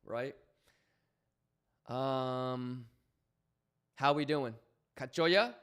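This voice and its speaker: A man chatting casually to his livestream viewers, his voice smooth and resonant at an ordinary middle pitch. He is energetic and swears freely, joking with chat and repeating his points as he coaches them. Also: very slow. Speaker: livestream host.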